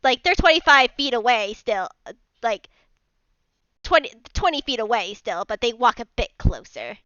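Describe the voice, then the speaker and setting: A woman's voice: fairly high pitch, big pitch swings, moderate pace, sharp tone, no echo, dull audio. A woman playing a tabletop game, describing her character's moves in a casual way, often saying "like". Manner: casual, hedging with "like". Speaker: player.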